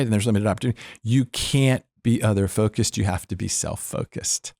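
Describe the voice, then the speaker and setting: A man's voice: on the low side, normal speed, hardly any pauses, darkish tone, dry recording, studio quality. An older man speaking as a podcast guest, teaching about faith in an earnest, emphatic way, repeating phrases and laughing between points.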